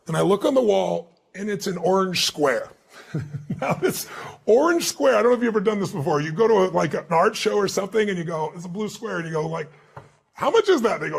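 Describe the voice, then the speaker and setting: A man being interviewed as an author, telling stories in an emphatic, animated way and acting out the dialogue. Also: sits high, creaky, husky. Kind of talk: interview storytelling.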